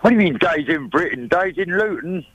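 Argumentative male caller, high voice. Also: animated, fairly quick, fairly bright tone, a little hiss or hum, low-quality recording. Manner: argumentative, rambling. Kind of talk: radio phone-in chat.

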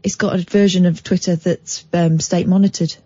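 A woman's voice: on the low side, fairly even intonation, moderate pace, mellow, dry recording. A woman co-hosting a radio show, reading news stories aloud with giggly, playful asides. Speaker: radio co-host. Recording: dry, dull lo-fi radio sound.

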